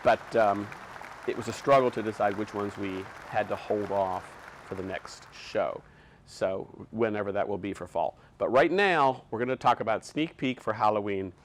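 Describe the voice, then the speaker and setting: A man's voice: lowish voice, normal speed, some chatter behind, a little hiss or hum. A man hosting a casual product showcase in a showroom, gushing with enthusiasm and piling on superlatives as he walks around. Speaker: host showing his decor collection.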